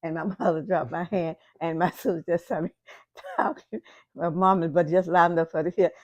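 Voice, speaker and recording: Older female gospel singer, animated storyteller, low-ish voice, dry close sound. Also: moderate pace, no room sound. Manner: animated storyteller, Southern Black vernacular grammar. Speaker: interview guest, gospel singer. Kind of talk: casual storytelling chat.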